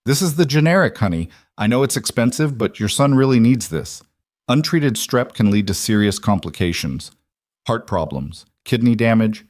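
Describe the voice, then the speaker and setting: A man voicing a sorry, gentle woman pharmacist. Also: mid-range voice, lively intonation, normal speed, no echo, studio quality, lightly acted. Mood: gently apologetic. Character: kind sympathetic woman pharmacist.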